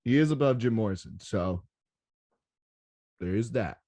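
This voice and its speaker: Excitable swearing rave podcast host. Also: male voice, lowish voice, unhurried. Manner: excitable, swears a lot, rambling and animated. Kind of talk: casual solo podcast recap.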